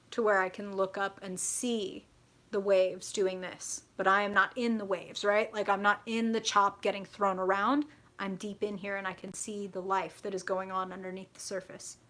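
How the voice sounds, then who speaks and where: A woman's voice: medium pitch, sharp tone. A young adult woman hosting a live tarot reading, chatty and frank, swearing freely and answering viewer comments.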